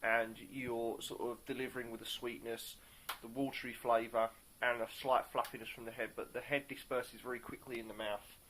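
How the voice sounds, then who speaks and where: A man reviewing a beer on camera in a casual, upbeat way, pausing often to search for words. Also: medium pitch, little pitch movement, a bit bright, slight background noise. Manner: upbeat and enthusiastic.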